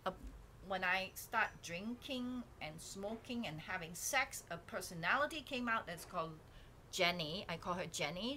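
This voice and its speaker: A woman's voice: mid-range voice, pushed and bright, a little hiss or hum. A woman vlogger talking candidly on her own channel, rambling and self-reflective with many restarts, recorded on a dedicated microphone indoors. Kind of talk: casual talking-head reflection. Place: indoors at home, painting behind her.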